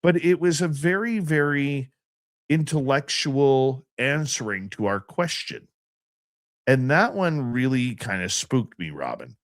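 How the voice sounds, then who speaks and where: A man's voice: medium pitch, lively intonation, dry recording. A man recounts his experience in the woods for a radio interview. He takes his time and weighs each phrase. His voice sits in a middling register and sounds dry and close. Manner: slow, deliberate storytelling. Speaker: guest recounting a field expedition.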